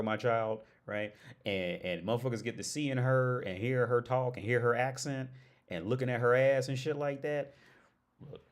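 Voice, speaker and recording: A young man hosting a casual livestream, swearing freely and breaking into loud laughs. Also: fairly low pitch. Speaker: livestream host.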